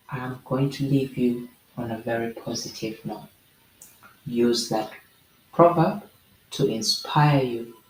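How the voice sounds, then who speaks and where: Slow-talking woman host in a roomy space. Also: rumbling low. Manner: animated, preachy, with jokey asides. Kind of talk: explaining proverbs to camera. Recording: roomy echo.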